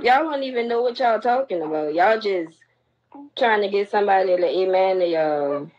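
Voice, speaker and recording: A woman's voice: mid-range voice, normal speed, darkish tone. A young woman on a live stream, bluntly and confrontationally scolding the people watching. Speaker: livestreamer. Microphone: phone. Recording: lo-fi phone livestream audio.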